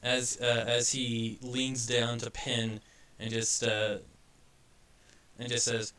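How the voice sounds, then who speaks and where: A man narrating a tabletop game as game master, halting with frequent fillers and restarts. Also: mid-range voice, completely flat delivery, bright, forceful tone, clean tone.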